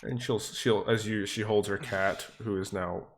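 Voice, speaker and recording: A man narrating as game master for a tabletop game, relaxed and full of fillers. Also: fairly low pitch, a little slow, a little hiss or hum.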